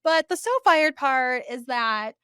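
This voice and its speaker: This young woman's voice sits high and smooth, and she talks slowly as a podcast co-host. Chatting casually, she tells stories with animation and frequent laughter, recorded in clean studio sound with no echo.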